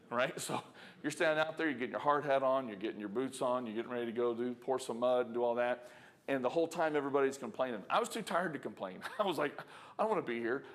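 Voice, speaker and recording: A man preaching in a church, telling a work story in a casual, chuckling way and talking straight to the congregation. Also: mid-range voice. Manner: conversational, chuckling, talks to the congregation. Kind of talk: storytelling sermon. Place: church sanctuary.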